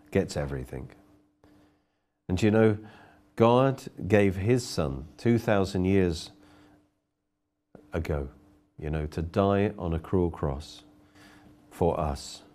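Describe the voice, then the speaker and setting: A man's voice: sits low, darkish tone. A man preaching a sermon, telling a story earnestly and often repeating words as he goes.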